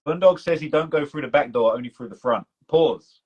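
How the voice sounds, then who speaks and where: A man's voice: a little high, fairly quick, husky, highs cut off. A man with a British accent, hosting a casual live-stream chat, talking in a loose, slangy way full of fillers and restarts. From United Kingdom. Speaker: documentary channel host.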